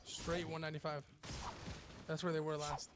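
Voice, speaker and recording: A man's voice: on the high side, flat delivery, moderate pace, background noise. A man streaming a shooter game, sick with a worn voice, making casual callouts to a teammate. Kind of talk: casual gameplay chat.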